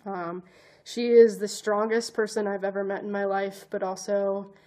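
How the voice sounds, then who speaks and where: A woman's voice: mid-range voice, little pitch movement, normal speed, warm tone. A woman vlogger telling a personal story in an earnest, rambling way, full of "like" fillers and restarts. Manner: earnest, emotional, self-conscious. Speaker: vlogger, advocate and educator.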